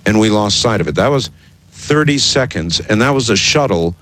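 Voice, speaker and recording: A man's voice: fairly low pitch, animated, normal speed, fairly bright tone, rough recording. A man hosting a late-night radio talk show, rambling with lots of ums and uhs. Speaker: radio host. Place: radio studio in the desert.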